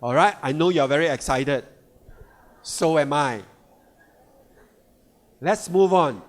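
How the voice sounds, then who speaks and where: A man giving a sales seminar talk on a product, often asking the audience "right?" and "all right?". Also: fairly high pitch. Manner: slow, repeats "all right" and rhetorical questions. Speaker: product presenter.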